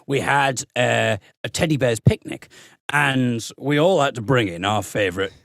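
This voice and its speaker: A man's voice: mid-range voice, moderate pace, creaky, no echo, studio quality. A man, a comedian guest, telling a childhood story in casual podcast chat and slipping into silly voices. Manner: animated storyteller who slips into silly voices.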